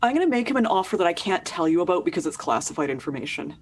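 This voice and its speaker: Husky lady doing improv bits, pitch swings wildly. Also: big pitch swings, rapid-fire. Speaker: improv performer. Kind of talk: improv game turns.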